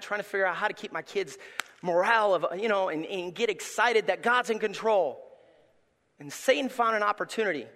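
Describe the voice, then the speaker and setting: A man preaching a sermon as a pastor, talking in a personal way and then swelling into passionate, near-shouted outbursts. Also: sits high. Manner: impassioned, rising to shouts when retelling his prayers. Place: church hall. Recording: long hall reverb.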